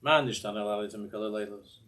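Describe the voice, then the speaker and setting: A man's voice: fairly low pitch, fast, a bit bright. An older man teaching a Torah class in a discursive way, often repeating words and mixing in Hebrew phrases.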